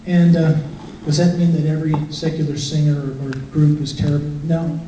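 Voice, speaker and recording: A middle-aged man tells his personal testimony in an easy, conversational storytelling way. His voice sits a little high for a man. He sounds distant, with a strong echo filling the church hall and a faint hiss underneath. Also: fairly even intonation, fairly quick, dark tone, dull audio. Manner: conversational storytelling, acting out quotes. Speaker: guest speaker. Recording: echoey hall from far off, faint noise.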